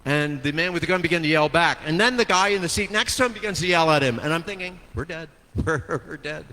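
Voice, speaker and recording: A man preaching a sermon, telling a story with dramatic swings from hushed to soaring delivery. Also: on the high side, fast talker. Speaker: pastor. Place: church sanctuary. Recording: long hall reverb, faint noise.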